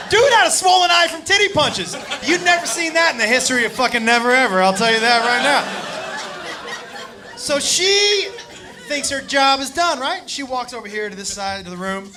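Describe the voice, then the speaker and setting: A male stand-up comedian telling a crude story, animated and loud, shouting his punchlines. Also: very high-pitched. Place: comedy club stage. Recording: live club set with audience laughter and noise. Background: audience laughing.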